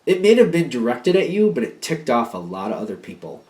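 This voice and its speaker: A man's voice: medium pitch, sing-song, brisk, a little mellow. Man, tarot reader, casual spoken reading, rambling, repeats himself for emphasis, mid-range voice.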